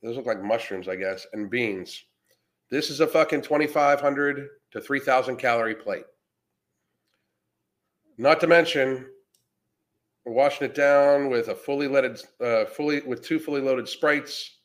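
A Florida man reads livestream comments aloud on his podcast at a measured pace, with frequent pauses and a medium-pitched voice. His reactions are brash, profane and casual as he mocks the trolls.

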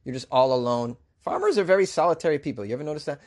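A man's voice: a little high, expressive, very fast, darkish tone. A man hosting a talk show, riffing jokingly on news stories, rambling and stumbling over hard names. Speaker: show host.

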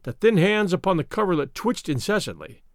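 A man reading a classic detective story aloud in first-person audiobook narration, measured and expressive. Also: high voice, dry recording, clean studio sound.

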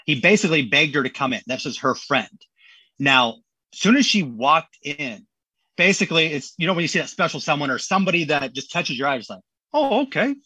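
A man in his thirties, a podcast guest telling stories in a casual, animated way and acting out the people he quotes. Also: a little high, fairly quick, slightly rough, no room sound, poor audio. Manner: animated, acts out quotes in voices. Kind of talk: casual storytelling.

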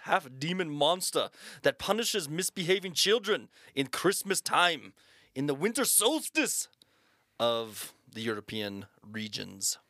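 A man's voice: mid-range voice, bright, forceful tone, no echo, clean studio sound. A young man co-hosting a podcast, trading playful, theatrical banter in casual chat. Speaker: podcast co-host.

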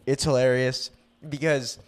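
A man's voice: mid-range voice, little pitch movement, measured pace. A young man co-hosting a podcast, telling a story in casual chat, laughing often and saying "dude" and "like" a lot. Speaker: podcast co-host.

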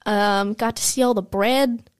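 A woman's voice: medium pitch, steady tone, unhurried, smooth. A young woman co-hosting a podcast, chatting casually and telling stories with frequent laughs. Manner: chatty storyteller, laughs often. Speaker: podcast co-host. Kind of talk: casual chat.

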